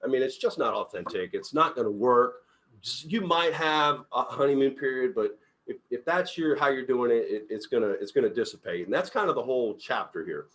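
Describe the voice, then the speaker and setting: A middle-aged man talks through a book with his team in a loose, chatty way. He laughs often, and his voice jumps up sharply whenever he acts out what someone said in a story. His pitch sits in a medium range. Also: lively intonation, brisk, fairly bright tone. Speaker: company CEO leading a book discussion. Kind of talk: casual group book discussion.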